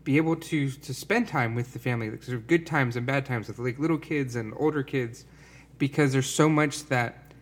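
A man's voice: medium pitch, moderate pace, husky. A man talking earnestly and rambling a little, full of fillers, in a casual conversation about faith.

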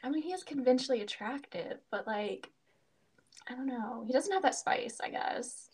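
Lively, teasing young woman. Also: high-pitched, moderate pace, husky. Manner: teasing, laughs often, lively banter. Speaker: podcast co-host. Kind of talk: casual book-club chat.

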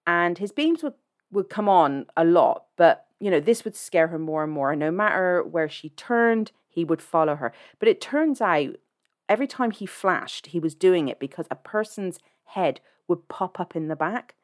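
A low-pitched woman hosts a laid-back film review podcast. She talks in a chatty, candid way and swears without a second thought. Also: animated, moderate pace. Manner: chatty, blunt, swears freely. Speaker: podcast host.

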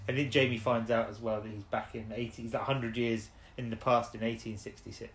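A man co-hosts a relaxed podcast, walking through a story with loose, rambling restarts. His voice sits in an ordinary middle pitch. The recording has a noticeable echoey, roomy sound. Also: a little fast. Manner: rambling, restarts while recapping plot. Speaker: podcast co-host. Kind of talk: casual chat recapping a TV episode.

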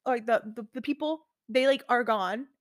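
A young woman in her twenties chats casually with a friend, rambling with lots of "like," fillers and frequent restarts. Her voice is a little high and moderately paced, recorded in clean studio quality with no echo.

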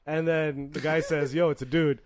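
A man's voice: on the high side, level tone, normal speed, darkish tone. A man telling stories in casual chat, swearing a lot and laughing through his lines.

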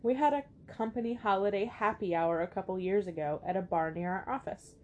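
Woman cohost, blunt, swears a ton, reads stories out, mid pitch. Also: a little mellow, lo-fi sound, a little hiss or hum. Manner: blunt, swears freely, quick reactions. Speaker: podcast co-host. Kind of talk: casual chat, reading listener stories aloud.

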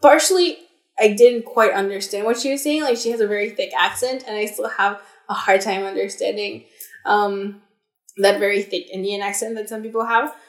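Her voice is mid-range and steady, at a normal speed, as this young woman co-hosts a podcast. She tells stories in relaxed chat peppered with fillers and restarts, and the room echoes.

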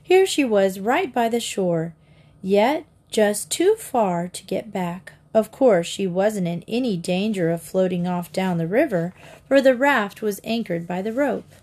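Slow, measured woman storyteller. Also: medium pitch, expressive, darkish tone. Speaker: audiobook narrator. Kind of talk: storybook narration.

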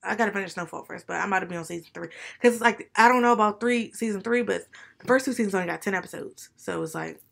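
Creaky-voiced casual woman co-host. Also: medium pitch, fast talker. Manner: relaxed, chatty, swears casually. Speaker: podcast co-host. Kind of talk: casual chat.

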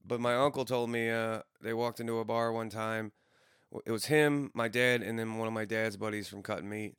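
A man's voice: fairly low pitch, fairly even intonation, fairly quick, a bit bright, clear, resonant tone, dry recording, studio quality. A man in his thirties rambling through casual, profane stories with frequent restarts. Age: 30s.

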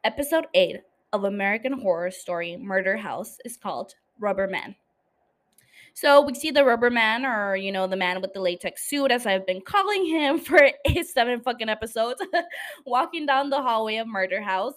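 Young female podcast host, high-pitched, chatty, profane, quick to laugh. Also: animated. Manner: chatty, swears freely, laughs often. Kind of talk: casual solo podcast chat.

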